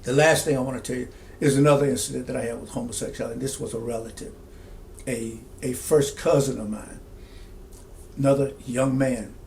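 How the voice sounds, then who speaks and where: A middle-aged man, a pastor, telling a personal story slowly and reflectively, with many fillers and restarts. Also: mid-range voice, fairly even intonation, creaky, darkish tone, slight background noise.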